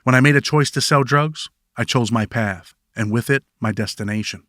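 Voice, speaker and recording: A man's voice: medium pitch, moderate pace, a bit bright, no room sound, studio quality. Man reading his memoir aloud. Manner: reflective first-person storytelling. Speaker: author narrating his memoir. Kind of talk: memoir audiobook narration.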